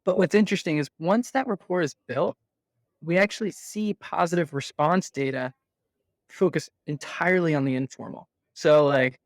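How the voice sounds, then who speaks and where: A man being interviewed, explaining his ideas in an animated, conversational way and laughing easily. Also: fairly high pitch, moderate pace, no echo. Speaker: interview guest.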